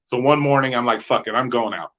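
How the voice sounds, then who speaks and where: A man co-hosting a podcast, telling rideshare stories in a profane, animated way and acting out the dialogue. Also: mid-range voice, quick pace. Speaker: podcast co-host, rideshare driver. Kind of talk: casual chat, storytelling. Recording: slightly dull lo-fi sound.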